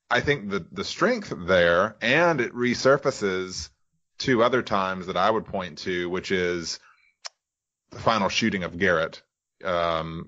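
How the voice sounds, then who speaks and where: Male podcast co-host, very low voice, forceful bright tone, slightly lo-fi audio, rambling. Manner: rambling, hedging with "you know" and "I think". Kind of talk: podcast interview.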